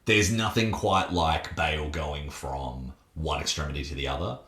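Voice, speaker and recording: Deep-voiced man ranting about a film. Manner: animated, digressive, swearing, quick asides. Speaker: film podcast co-host. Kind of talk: casual film review chat. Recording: roomy echo.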